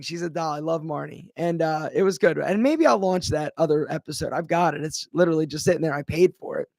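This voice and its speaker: A man's voice: sits high, no echo, clean studio sound. A man, a brand founder, answering viewer questions in a casual live Q&A, chatty and full of fillers. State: a bit out of breath.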